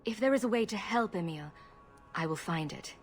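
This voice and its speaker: A woman's voice: mid-range voice, lively intonation, brisk, soft background music, lightly acted. An actress voicing a composed female warrior hero, courteous and dry, in a video game. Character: composed female champion warrior, adult woman.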